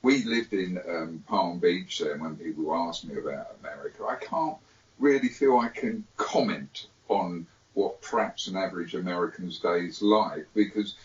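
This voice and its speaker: Deep-voiced London man, laughing raconteur. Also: moderate pace. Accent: London English. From England. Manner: chatty, laughs often, playful asides. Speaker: guest. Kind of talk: casual conversation. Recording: distant roomy dull remote audio.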